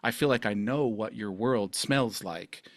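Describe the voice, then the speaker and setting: A man's voice: fairly low pitch, unhurried, no room sound. A man hosting a podcast interview, rambling and effusive in his praise. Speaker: podcast host. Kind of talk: casual interview chat.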